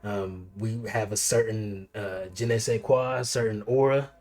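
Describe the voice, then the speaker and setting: A man's voice: on the low side, fairly even intonation, normal speed, a little mellow, faint music behind. A man co-hosting a casual chat show, laid-back, tossing out loose rhetorical questions. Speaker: co-host. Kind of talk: casual chat reacting to a video.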